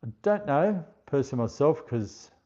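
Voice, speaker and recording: A man's voice: fairly high pitch, lively intonation, moderate pace, dark tone, lo-fi sound. An Australian man hosting a livestream in casual chat, reading viewer comments aloud, thanking people by name and laughing often. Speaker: livestream host.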